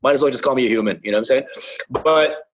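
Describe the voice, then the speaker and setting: A man's voice: medium pitch, very fast, a little hiss or hum. A young man co-hosting a comedy podcast, riffing and laughing as he chats. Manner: joking, laughing, riffing on bits. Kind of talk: casual comedy podcast banter.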